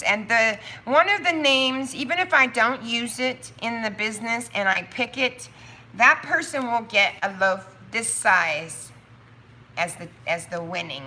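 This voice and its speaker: A woman chatting on her own live stream about her soap business, thinking out loud with quick asides and laughs. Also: fairly high pitch. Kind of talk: casual livestream chat.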